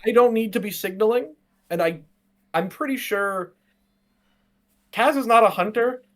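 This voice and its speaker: Man, tabletop player, slightly high voice, quick excited planning. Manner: quick, excitable, restarting sentences. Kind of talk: playing a tabletop game.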